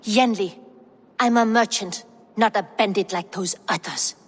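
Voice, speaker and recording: A woman's voice: medium pitch, a little slow, husky, long reverb tail. An actress playing a forthright woman merchant freed from captivity in a video game. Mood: defiant. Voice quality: bold, forthright.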